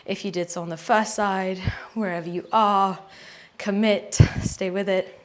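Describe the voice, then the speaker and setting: A young woman leading a guided yoga class, giving calm, encouraging cues and counting holds aloud. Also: medium pitch, unhurried. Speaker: yoga instructor.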